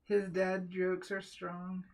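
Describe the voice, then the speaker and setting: A woman's voice: on the low side, completely flat delivery, slow, darkish tone. A woman hosts a casual craft livestream, chatting and teasing her co-hosts as she works. She laughs easily and keeps things light. A faint hiss of noise sits behind her voice. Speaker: pyrography livestream host.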